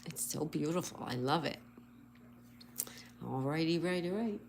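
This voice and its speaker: A woman's voice: low-pitched, expressive, a little slow, vocal fry, a little mellow, slight background noise. A woman hosting a casual livestream, cheerfully spelling out words letter by letter and reading viewer comments aloud. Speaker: livestream host.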